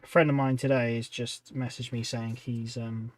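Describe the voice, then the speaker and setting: A man's voice: mid-range voice, moderate pace. A man hosting a hobby livestream, chatting casually and rambling between tasks while he paints miniatures at home. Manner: relaxed rambling, talks to chat viewers between tasks.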